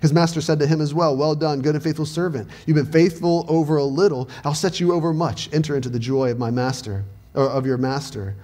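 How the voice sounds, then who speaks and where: A man's voice: a little high, fairly even intonation, fairly quick, a little mellow. A male pastor with a Southern US accent, preaching a sermon with earnest emphasis that swells at times. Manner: earnest preaching, rising to raised emphatic passages.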